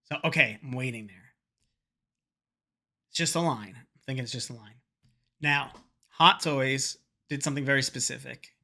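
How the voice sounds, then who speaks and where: A man's voice: medium pitch, moderate pace, long pauses, sharp tone. A man vlogging, telling a rambling, profane story in a casual chat to camera and slipping into quoted voices.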